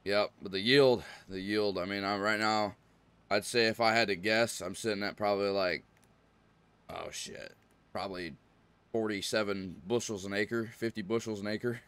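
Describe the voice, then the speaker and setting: A man streaming a farming game, chatting casually and rambling, often clearing his throat. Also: lowish voice, steady tone, normal speed, a bit bright, dry recording. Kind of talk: casual live-stream chat.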